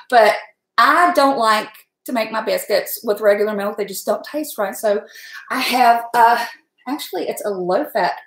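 A middle-aged woman, hosting a casual cooking stream from her home kitchen, folksy and chatty, laughing often and talking fast from nerves. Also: mid-range voice, gravelly, fairly bright tone. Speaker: home cook and channel host. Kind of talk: casual cooking livestream chat. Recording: echoey kitchen room.

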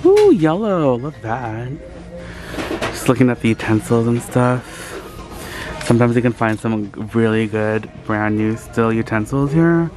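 A man's voice: lowish voice, normal speed, over music. Gushing young man vlogging. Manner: gushing, excitable, talks straight to viewers. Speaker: vlogger host. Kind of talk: casual vlog chat. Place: thrift store, then home kitchen.

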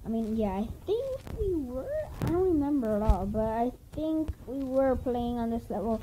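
A woman with a fairly high voice talks through a game she is playing, in casual commentary for her channel. She speaks slowly and drags her words out. She keeps scolding the game and exclaiming in frustration. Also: background noise. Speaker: gaming channel host.

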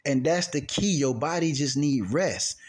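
Man, casual storytelling, swearing, rambling, loud then quiet. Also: animated, measured pace. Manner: profane, rambling, swings from loud outbursts to low quiet recounting. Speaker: channel host answering questions.

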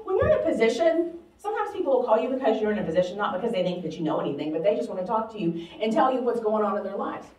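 A woman pastor with a light Southern accent, preaching a chatty, humorous sermon. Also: a little high. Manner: chatty, humorous, animated, laughing often. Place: church sanctuary. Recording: roomy sound from a distance.

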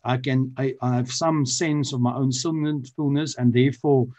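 A man's voice: medium pitch, steady tone, normal speed, mellow. A man on a church panel explaining theology off the cuff, with frequent fillers and restarts. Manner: hesitant, many restarts and fillers. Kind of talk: unscripted teaching explanation.

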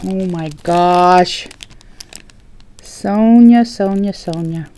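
A woman's voice: fairly low pitch, very slow, a little hiss or hum, poor audio. A woman opening craft gift packages on camera in a casual vlog, gasping and gushing, sometimes dropping to a whisper. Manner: gushing, gasping, often drops to a hushed whisper. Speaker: crafting vlogger. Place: home, at a dining table.

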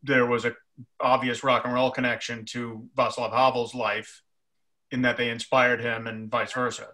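A man with a bright, forceful voice asks questions in a loose, conversational interview. His phrasing is halting, full of restarts and fillers as he feels his way toward each question, and his pitch sits in an ordinary middle range. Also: little pitch movement.

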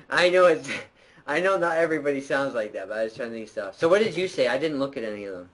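A man's voice: mid-range voice, lively intonation, quick pace, a bit bright, poor audio. A young man hosting a casual gameplay chat, goofy and joking. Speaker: channel host.

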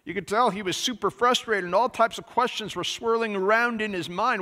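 A man's voice: sits high, fairly quick, hardly any pauses, sharp tone, big-room sound. A man preaching a sermon in a church, talking conversationally with frequent fillers. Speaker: pastor. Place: church sanctuary.

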